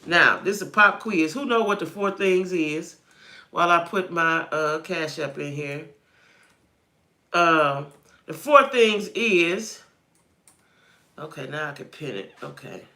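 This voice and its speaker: A woman hosts a casual live chat stream in a very bright, forceful voice. She talks straight to her viewers, greets them by name, and narrates her own fumbling with the stream settings as she goes. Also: sits low, slow, long pauses. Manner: thinks aloud while fumbling with stream settings. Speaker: livestream host.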